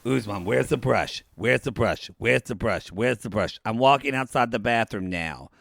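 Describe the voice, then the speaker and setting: A man's voice: medium pitch, normal speed, vocal fry, fairly bright tone, no echo, voice pushed down. A man voicing a demanding, easily offended middle-aged woman who complains dramatically about never being proposed to. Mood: complaining.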